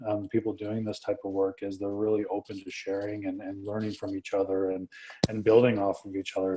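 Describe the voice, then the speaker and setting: A man with a low, mellow voice talks as a panel guest over a video call. His delivery stays flat and easy, with many "you know"s and repeated words. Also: poor audio. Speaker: guest panelist, museum digital head. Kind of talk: casual panel talk.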